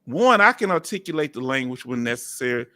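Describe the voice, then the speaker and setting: A man from Houston with a Southern Texas accent, hosting a live stream in a folksy, drawn-out storytelling way. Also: medium pitch, very animated, bright, forceful tone. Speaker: host.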